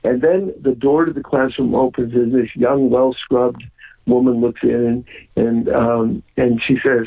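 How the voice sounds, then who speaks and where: Gravelly, husky man, guest on a radio interview, earnest, phone-line sound. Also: medium pitch, fairly even intonation, moderate pace. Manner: earnest, with many ums and restarts.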